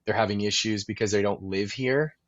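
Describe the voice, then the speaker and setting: A man with a fairly low voice speaks as a real estate guest on a talk show. He explains things at length in an easygoing way, with plenty of fillers. His sound is dry and a bit dull and muffled. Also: a little fast, fairly bright tone, no echo. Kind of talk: conversational expert explanation.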